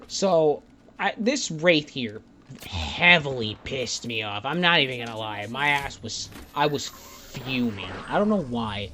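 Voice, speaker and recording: A young gaming YouTuber does a rambling, profane, laid-back voice-over on his own gameplay clips. His medium-pitched voice is expressive, bright, and forceful yet unhurried, with game gunfire and clicks underneath.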